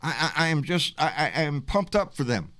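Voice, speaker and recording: Older Texan host, blunt, cussing, fired-up chat on a video call. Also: male voice, on the high side, brisk. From Texas. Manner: blunt, profane, animated, calls people baby. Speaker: livestream talk show host. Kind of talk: casual political chat.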